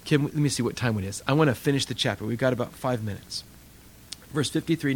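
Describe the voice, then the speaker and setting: A man's voice: medium pitch, quick pace, a little hiss or hum. An older man preaching a sermon, telling stories animatedly and acting out voices. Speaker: pastor.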